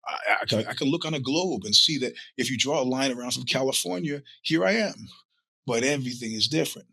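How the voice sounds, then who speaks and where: A man's voice: mid-range voice, fairly quick, sharp tone, husky, no room sound. A middle-aged man with a cold, hosting his show in a rambling, profane monologue. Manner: rambling, profane storytelling with acted-out quotes. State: sick with a cold. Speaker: podcast host. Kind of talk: casual monologue.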